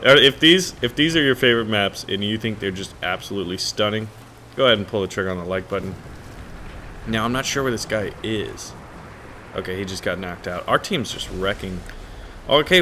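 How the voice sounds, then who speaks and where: Male host, casual excitable gameplay commentary, bright tone. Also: lowish voice, slight background noise. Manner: excitable, joking, chatty. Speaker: gaming channel host.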